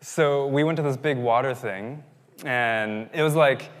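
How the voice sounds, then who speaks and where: Conversational pastor in a reverberant hall. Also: male voice, medium pitch, unhurried. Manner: conversational, self-interrupting, rising to emphatic peaks. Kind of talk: sermon with personal story.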